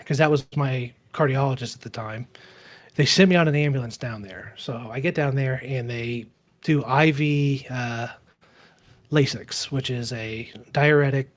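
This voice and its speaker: A man around forty, co-hosting a relaxed podcast. He tells his story in a loose, rambling way, stops to correct himself, and briefly takes on the voices of people in his story. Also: mid-range voice, measured pace. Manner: rambling, self-correcting storyteller who acts out quoted dialogue. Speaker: podcast co-host. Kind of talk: casual storytelling chat.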